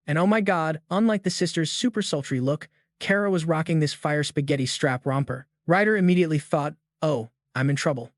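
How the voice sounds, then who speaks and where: A man's voice: fairly high pitch, a little fast, no echo, clean studio sound. Slangy male recap narrator. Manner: slangy, casual.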